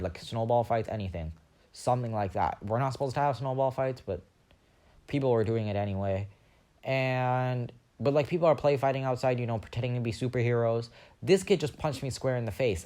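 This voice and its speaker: A young man hosting a podcast, telling a rambling story in a casual monologue and acting out the other people's voices. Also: medium pitch. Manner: animated, rambling, acts out quoted voices. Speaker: podcast host.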